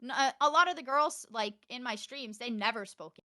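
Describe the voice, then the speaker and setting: A young woman from Norway, a streamer chatting as a podcast guest, animated and quick to laugh. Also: a little high, no room sound, clean studio sound. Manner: animated, laughs often, acts out quotes. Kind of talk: casual chat.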